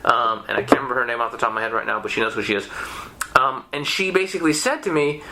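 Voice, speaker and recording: Fast, bright-voiced man telling a wild story. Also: medium pitch. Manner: profane, animated, many restarts. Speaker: podcast guest. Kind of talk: casual storytelling.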